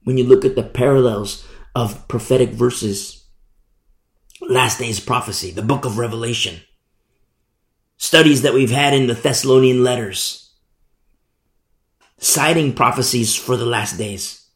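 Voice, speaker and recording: A male preacher with a gravelly, rough edge to his voice, teaching scripture with emphatic, rhetorical punch. His voice rings out in an echoey room, and his pitch sits in a middling range for a man. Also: a little slow, long pauses. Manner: emphatic, rhetorical, repeats "you see?". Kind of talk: sermon, Bible teaching.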